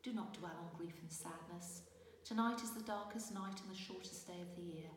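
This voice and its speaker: A woman voicing a gentle, patient female fairy teacher with a warm, honeyed, reassuring manner, recorded from a distance in a reverberant room. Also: on the low side, moderate pace, a little hiss or hum, close to an everyday voice. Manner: reassuring, encouraging.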